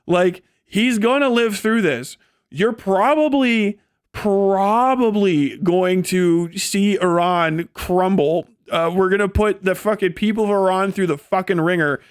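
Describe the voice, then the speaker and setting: A man's voice: high voice, measured pace, clean tone, no echo, studio quality. Heated, profane male streamer ranting. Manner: mimics others in a sneering voice. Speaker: live streamer. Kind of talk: angry political rant on a livestream.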